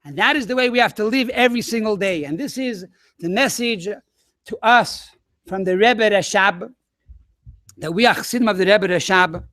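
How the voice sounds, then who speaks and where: Bright high-voiced rabbi telling a story. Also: male voice, moderate pace, no room sound, studio quality. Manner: animated storytelling. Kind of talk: storytelling talk to schoolchildren. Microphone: webinar microphone.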